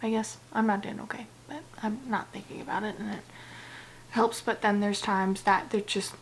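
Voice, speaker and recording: A young woman talking casually to camera in a personal vlog, soft and halting, often dropping to a near whisper and close to tears. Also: mid-range voice, little pitch movement, slight background noise. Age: young adult. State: tearful. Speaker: book vlogger.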